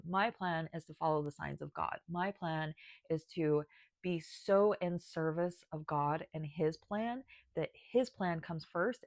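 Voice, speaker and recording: Tearful woman with a low, dry voice. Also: no room sound. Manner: emotional, choking up, with sighs and restarts. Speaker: spiritual guide and video creator. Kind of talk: personal talk to camera.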